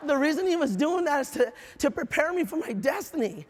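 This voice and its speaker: A man from California speaks from a stage at a company event, his voice pitched unusually high for a man. He tells stories in an excitable, motivational way and breaks into bursts of shouting. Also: fairly quick, slight background noise. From California, USA. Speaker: company sales leader giving an award speech.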